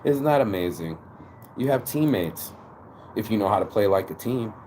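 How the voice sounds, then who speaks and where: A man giving a casual, animated motivational talk, preachy and peppered with swearing. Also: on the low side, normal speed, slight background noise. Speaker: motivational vlogger.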